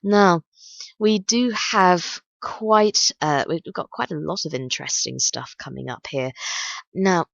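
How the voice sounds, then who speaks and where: Slow-talking woman radio host. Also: fairly low pitch, vocal fry, no room sound. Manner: slow, dramatic reading with chatty asides. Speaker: radio request show host. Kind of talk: casual radio chat and poem reading. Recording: dull, lo-fi and dry.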